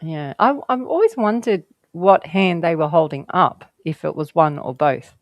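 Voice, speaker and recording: A woman's voice: low voice, lively intonation, normal speed, dry recording. A woman guest telling stories in casual conversation, chatty and rambling, laughing often.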